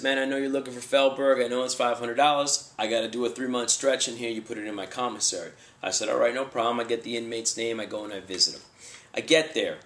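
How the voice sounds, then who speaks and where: A man's voice: lowish voice, echoey room. A man telling a casual anecdote about tracking down a fugitive, acting out the voices in the quotes. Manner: animated, acts out voices in quotes. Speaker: bail enforcement agent.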